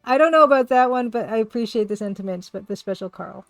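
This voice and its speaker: A woman's voice: on the high side, fast, dry recording, studio quality, soft background music. A woman from Canada, a game artist and developer, chatting casually on a live stream and answering viewers in a chatty, self-deprecating way.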